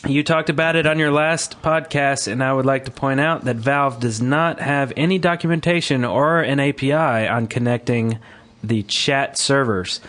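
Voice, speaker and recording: A man's voice: medium pitch, fairly bright tone. An easygoing man hosting a casual gaming podcast, his voice in a middle register. He reads emails and laughs along with his co-hosts. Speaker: podcast host.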